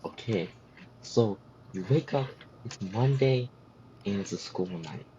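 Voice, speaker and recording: A man's voice: fairly low pitch, lively intonation, takes it slowly, dark tone, a little hiss or hum. Teasing man on muffled game chat. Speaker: gamer in voice chat.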